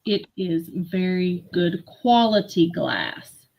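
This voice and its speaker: A woman hosting a live-stream vintage sale, slowly admiring and describing glassware. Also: on the low side, expressive, gravelly, dull audio, a little hiss or hum. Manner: slow, admiring product descriptions.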